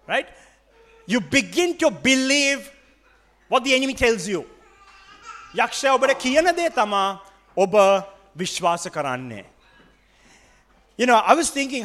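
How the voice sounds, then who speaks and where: A man with a Sri Lankan accent delivers a sermon in a notably high voice for a man. He presses his points hard and repeats them, slipping into Sinhala now and then. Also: a bit bright. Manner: emphatic and repetitive, switching between English and Sinhala. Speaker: preacher.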